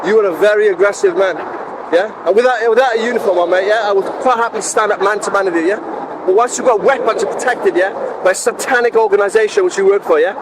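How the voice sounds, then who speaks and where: A man's voice: high voice, fast. Insistent man arguing at a roadside. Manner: insistent, repetitive, confrontational. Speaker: driver stopped by police. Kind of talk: recording a roadside confrontation. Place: roadside by a highway, outdoors. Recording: loud roadside traffic noise.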